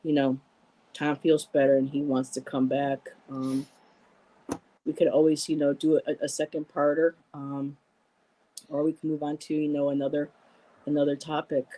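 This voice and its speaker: A woman's voice: sits low, level tone, moderate pace, pauses often, dark tone, poor audio. A woman hosting a casual livestream, reading viewer comments aloud and greeting people by name, with frequent ums and restarts. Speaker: livestream host.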